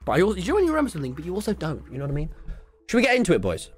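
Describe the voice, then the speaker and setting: Animated young male livestreamer. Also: high-pitched, racing, faint music behind. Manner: excitable, swears freely, rambling asides. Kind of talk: casual chat.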